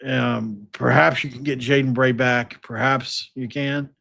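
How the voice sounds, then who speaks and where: A man's voice: mid-range voice, fairly even intonation, measured pace, creaky, fairly bright tone. A man hosting a sports podcast, talking casually and rambling with lots of fillers and restarts.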